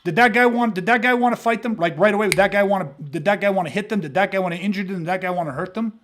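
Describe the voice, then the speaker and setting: This man's voice is noticeably high, and he races through a casual podcast monologue drawn from his work as a self-defense instructor. Cursing freely, he tells his stories with animation and plays out each character's lines.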